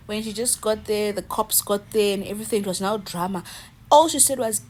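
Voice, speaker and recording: Animated South African woman telling gossip. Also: mid-range voice, fairly quick, slight background noise. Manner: animated, dramatic, acts out quotes; mixes in isiZulu words. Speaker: storyteller. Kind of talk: casual gossip storytelling.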